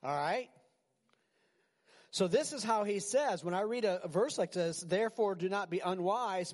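Male pastor, conversational and animated sermon delivery, higher-pitched voice, long hall reverb. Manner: animated, conversational preaching with rhetorical questions.

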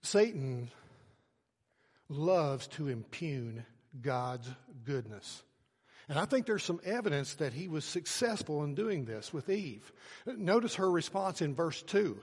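Storytelling preacher in a reverberant hall. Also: male voice, sing-song, slow pace, husky. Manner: storytelling preacher, swings from soft low lines to loud shouts. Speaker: pastor. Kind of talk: sermon.

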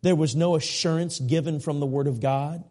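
A man's voice: fairly high pitch, fairly even intonation, moderate pace, a little mellow. A middle-aged man from the United States, preaching as an evangelist with passion, repetition and frequent restarts. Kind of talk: sermon.

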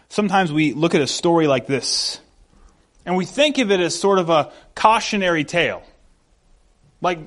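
A man's voice: high-pitched, fairly bright tone. A man preaching a conversational sermon, acting out the voices of the people he quotes.

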